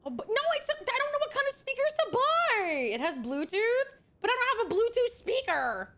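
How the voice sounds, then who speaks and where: A woman streamer chatting casually with her viewers, excitable and swearing a lot, with loud outbursts. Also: very high voice, normal speed. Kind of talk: casual live-stream chat.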